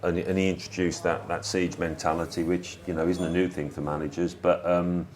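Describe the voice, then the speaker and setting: An English man in his fifties, a former footballer, telling stories in a relaxed interview with small restarts. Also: low voice, fairly quick. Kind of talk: reflective conversational storytelling.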